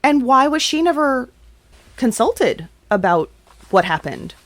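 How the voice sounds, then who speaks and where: A woman hosting an advocacy podcast who narrates a guest's story and discusses it, in a measured storytelling manner. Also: high-pitched, big pitch swings. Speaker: podcast host.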